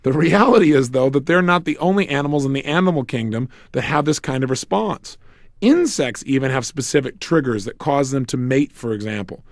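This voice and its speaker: A man giving a motivational seminar on relationships, talking in an animated way and acting out couples' arguments with joking asides. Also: medium pitch, brisk, no echo, clean studio sound. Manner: animated, acts out quarrels between couples. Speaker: self-help speaker.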